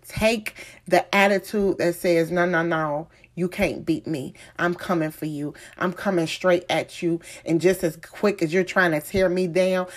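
A woman giving an inspirational speech, emphatic and repetitive, slowing down for effect. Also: fairly low pitch. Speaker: motivational speaker.

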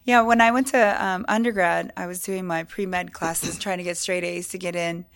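Animated woman telling stories on a podcast. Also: fairly low pitch, normal speed. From California. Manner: animated storyteller, acts out quoted voices. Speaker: podcast co-host. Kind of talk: casual chat.

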